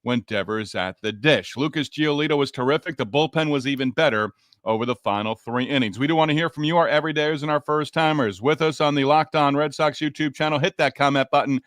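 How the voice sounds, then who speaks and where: A man hosting a solo sports podcast, talking straight to listeners in an energetic, emphatic way. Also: fairly high pitch, fast talker, no room sound, clean studio sound. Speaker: podcast host.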